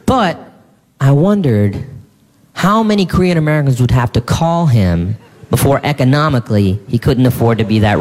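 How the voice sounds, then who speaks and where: A man from South Carolina doing a stand-up comedy set, jumping into high-pitched impressions. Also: a little mellow, long reverb tail. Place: comedy club stage.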